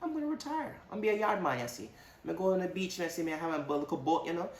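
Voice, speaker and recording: A man's voice: fairly high pitch, very fast, reverberant, far from the mic, voice pushed up. A man putting on a carefree Jamaican Bond. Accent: Jamaican, put on. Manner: relaxed, singsong patois. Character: laid-back retired male spy turned Jamaican beach dweller. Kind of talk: comic impression in a review.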